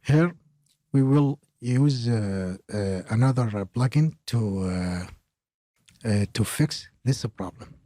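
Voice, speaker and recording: A man hosting an audio production tutorial, talking haltingly with many filler pauses as he explains plugins. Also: medium pitch, animated, dark tone, dry recording, studio quality. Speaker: mixing tutorial host.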